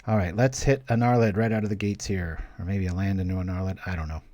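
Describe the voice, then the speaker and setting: A man with a fairly low voice runs a card-game stream, talking through each play in a loose, chatty way. He thinks aloud and drops in playful little exclamations as he goes. The sound is close and dry, with no room echo. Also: fairly even intonation, fast talker, mellow. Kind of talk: casual live commentary while playing a card game.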